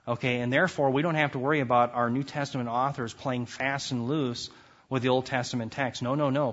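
A man's voice: medium pitch, fairly bright tone. Emphatic male Bible lecturer, lo-fi. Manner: emphatic, reads scripture aloud with rising force. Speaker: Bible teacher. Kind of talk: classroom lecture on scripture.

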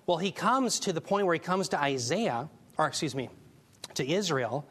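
A man teaching a Bible class, preaching in an emphatic, animated way and taking questions from the class. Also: on the high side, moderate pace, breathy edge. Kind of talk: sermon.

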